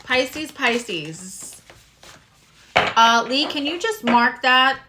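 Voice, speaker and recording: A woman doing a live-stream tarot reading, talking to her viewers with lively exclamations and asides. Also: high-pitched, extremely slow, noisy background. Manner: animated, talks to viewers, exclamations. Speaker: tarot reader.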